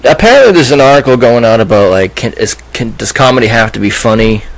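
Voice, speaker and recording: A man's voice: medium pitch, lively intonation, fast talker, poor audio. A man in a casual comedy podcast chat, chiming in with dry, wry remarks.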